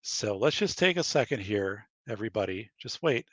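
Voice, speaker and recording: A man's voice: on the low side, expressive, normal speed, fairly bright tone, no room sound. A man hosting a podcast in his studio, rambling casually and acting out bits of dialogue while laughing at his own stories. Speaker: podcast host. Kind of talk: casual chat.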